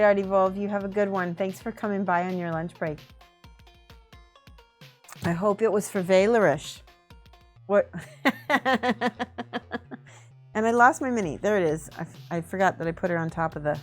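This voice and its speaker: A woman's voice: mid-range voice, fairly even intonation, moderate pace, pauses often, soft background music. A woman chatting casually on a livestream while painting miniatures, giggling often and thinking aloud.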